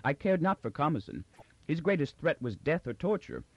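A man's voice: fairly high pitch, big pitch swings, moderate pace, dry recording, muffled recording, voice pushed up. A man voicing a timid male clown musician who speaks in quaint, formal phrasing. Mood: earnest.

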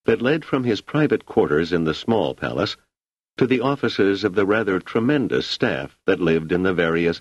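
Deep-voiced male audiobook narrator. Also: no echo. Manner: expressive storytelling. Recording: slightly muffled lo-fi recording.

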